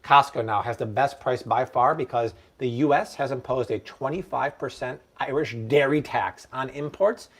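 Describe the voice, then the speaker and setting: A man's voice: medium pitch, moderate pace, few pauses, slightly rough. A man hosting a live-stream cooking show from his home kitchen, chatting playfully and joking with his viewers. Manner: playful, jokey, puts on mock accents.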